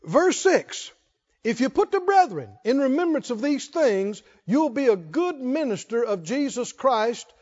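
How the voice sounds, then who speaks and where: High-pitched preaching man, dull recording. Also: big pitch swings, a little slow, in a large hall. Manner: call-and-response preaching, rising to shouts. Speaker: pastor. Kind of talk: sermon.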